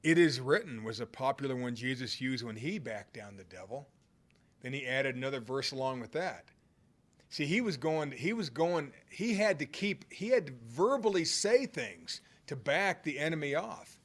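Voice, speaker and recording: A man's voice: mid-range voice, animated, moderate pace, a bit bright. A man preaching a sermon, quoting scripture with earnest emphasis and rising bursts.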